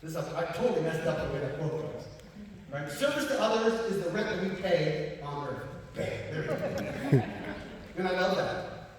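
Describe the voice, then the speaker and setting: A man giving a live motivational talk, telling stories in a lively way and laughing often. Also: on the high side, moderate pace, a little hiss or hum. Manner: storytelling, animated, laughs often. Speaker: motivational speaker. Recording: echoey hall from far off.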